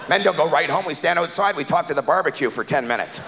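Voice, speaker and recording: Telling exasperated, rambling stories with acted-out voices, this Canadian comic works a live crowd from a comedy club stage. He talks fast and animatedly in a fairly high, creaky voice amid heavy background noise. The live recording carries a long hall reverb.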